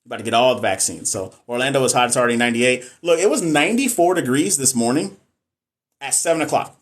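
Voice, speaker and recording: A man's voice: medium pitch, expressive, fast talker. A man from Texas, chatting casually and jokingly on a live stream as a nurse educator, reading and answering viewer comments.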